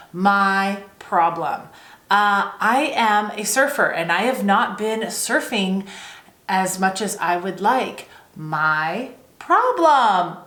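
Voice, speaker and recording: A woman talking casually to camera about personal growth, unhurried and chatty, with plenty of fillers and questions to the viewer. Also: medium pitch, fairly bright tone. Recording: echoey room.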